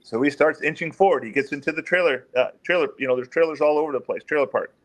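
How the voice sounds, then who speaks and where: A middle-aged man, a former police officer, telling case stories in an interview and acting out the quoted voices. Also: quick pace. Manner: animated, acts out quotes in raised pitch. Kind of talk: storytelling in an interview.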